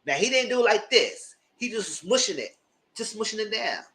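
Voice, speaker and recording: A man's voice: sits high, big pitch swings, moderate pace, bright, forceful tone. A man giving a casual live review of a reality TV show, retelling scenes with exasperation and cursing.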